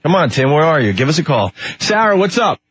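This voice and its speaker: A man's voice: on the high side, big pitch swings, brisk, husky. A man hosting a radio show, joking and laughing between calls. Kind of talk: casual radio banter taking calls.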